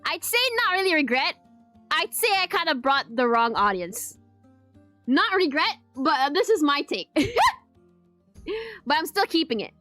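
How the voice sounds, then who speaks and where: A woman's voice: high-pitched, sing-song, measured pace, long pauses, sharp tone, no room sound, faint music behind. A woman, chatting casually as a VTuber answering viewer questions, giggling often and rambling with restarts and Malay words mixed in. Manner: giggly, laughs often between sentences. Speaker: VTuber streamer. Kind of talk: casual Q&A chat.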